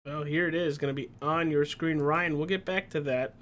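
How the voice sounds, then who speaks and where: A man with a fairly high voice calls an online race, switching between play-by-play and teasing his co-hosts. A faint background noise runs under his voice. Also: fairly even intonation, moderate pace, a bit bright. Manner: play-by-play calls mixed with banter. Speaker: sim racing commentator. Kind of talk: joking race commentary.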